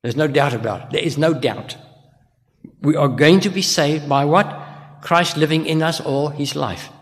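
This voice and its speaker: A man's voice: on the high side, a little slow. An older man preaching a sermon as a minister, earnest and full of rhetorical questions to his congregation. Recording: long hall reverb.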